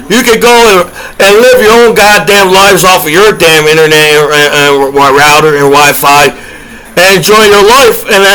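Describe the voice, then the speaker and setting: A man's voice: high-pitched, bright, forceful tone, poor audio. A man, a combat veteran, going on a rambling, profane and aggrieved rant with repeated words and trailing restarts. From United States. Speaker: disabled combat veteran vlogger.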